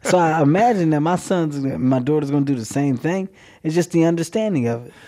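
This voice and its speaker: A man's voice: a little high, animated, fairly quick, mellow. A man, a comedian guest in an interview, talking in a brash, playful, joking way.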